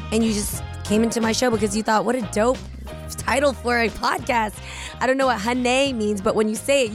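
A woman in her forties from the Bay Area, hosting a podcast in a chatty, playful, candid and reflective monologue at a studio mic. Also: medium pitch. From San Francisco Bay Area. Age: 40s. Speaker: podcast host.

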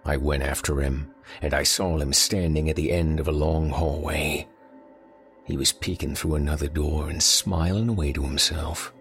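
A man's voice: extremely low pitch, fairly even intonation, normal speed, gravelly, soft background music. A man voicing a dying older man with folksy rural grammar, telling his haunted story in a pained, gasping way. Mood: grim, haunted.

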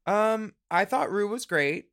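A man's voice: sits high, animated, measured pace, gravelly, a bit bright, smooth. A man co-hosting a podcast, recapping a reality show in campy, chatty talk and laughing often. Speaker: podcast co-host.

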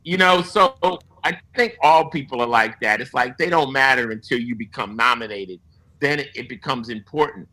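Heard through poor audio, a man with a medium-pitched voice speaks at normal speed as an interview guest. The musician swears freely while casually recounting stories, animatedly voicing what others told him.

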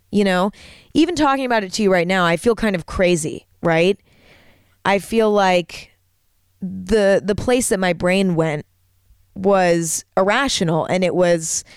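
A woman's voice: medium pitch, clean tone, dry recording, studio quality. A woman hosting a solo podcast, talking candidly and reflectively, swearing freely and checking in with "right?" and "you know?". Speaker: podcast host. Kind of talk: casual solo podcast talk.

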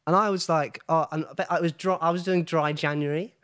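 A man's voice: a little high, steady tone, brisk, a bit bright, dry recording, studio quality. Giggly, chatty young man. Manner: chatty storyteller, giggly, lots of fillers. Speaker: podcast guest. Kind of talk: casual chat.

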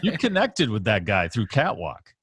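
A man co-hosting a casual chat, reflecting on the story and thinking out loud. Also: on the low side, wildly swooping pitch, moderate pace.

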